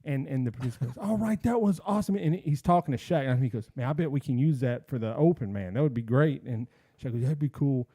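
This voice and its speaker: A man hosting a casual podcast, telling an animated story and acting out what people said. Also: mid-range voice, quick pace, dry recording, studio quality. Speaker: podcast host.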